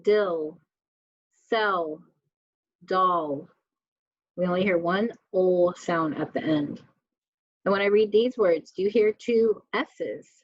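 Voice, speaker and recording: A woman teacher leads children through a spelling lesson, reading words aloud one at a time, slowly and clearly, and putting questions to the class. Her voice is medium-pitched with a darkish tone, and the recording is dry and dull.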